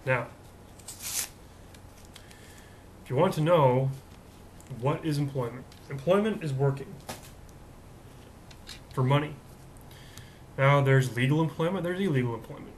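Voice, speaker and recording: A young man in his twenties hosts a comedic monologue, rambling and poking fun at himself. His voice sits in a middle pitch. A faint low rumble hangs in the background. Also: unhurried, long pauses, rough recording. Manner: rambling, jokey and self-mocking. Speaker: host.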